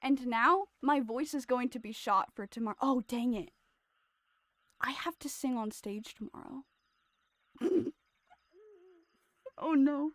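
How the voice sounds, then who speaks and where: A woman's voice: high voice, slow pace, pauses often, no echo. A woman streaming a game, chatting casually in a giggly, self-deprecating, rambling way into her streaming mic. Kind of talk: casual livestream commentary.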